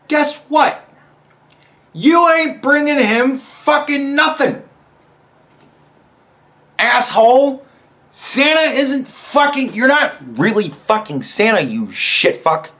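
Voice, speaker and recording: A man's voice: high voice, fairly bright tone. A man hosting a podcast, delivering an angry, mocking political rant full of swearing. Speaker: podcast host. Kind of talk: profane political commentary rant.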